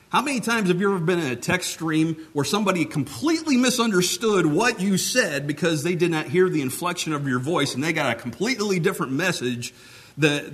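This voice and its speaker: Man preaching a conversational teaching sermon. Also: a little high. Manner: conversational, talks with his hands, many restarts.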